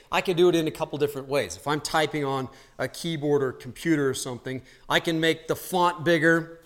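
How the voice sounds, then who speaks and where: A pastor with a slightly high voice preaches an expository sermon to his church congregation. His manner is earnest and teacherly, at times dropping into a soft, intense tone.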